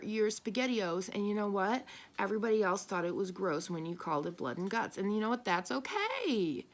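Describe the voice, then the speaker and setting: A woman giving a casual, animated spiritual talk as a tarot reader. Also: fairly high pitch, slight background noise. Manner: animated, chatty, laughs often.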